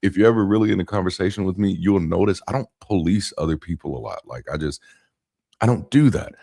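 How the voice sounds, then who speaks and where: A man with a fairly low voice talks straight to his viewers in a loose, casual monologue. His delivery is animated, leaning on rhythmic emphasis, and he often restarts his sentences or breaks off into side remarks. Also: fast talker, creaky. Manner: frequent restarts and asides. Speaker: YouTube commentator.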